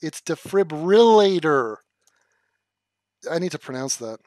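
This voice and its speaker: A man's voice: on the high side, animated, measured pace, a little mellow, no room sound. Profane ranting man, dry close sound. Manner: profane, ranting, keeps stumbling over a word and laughing at himself. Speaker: streamer. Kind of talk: casual livestream commentary.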